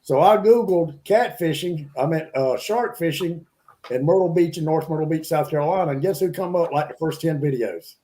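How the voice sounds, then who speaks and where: A man's voice: a little high, normal speed, dark tone. A man chatting casually on a podcast, rambling through stories at length. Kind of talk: casual chat.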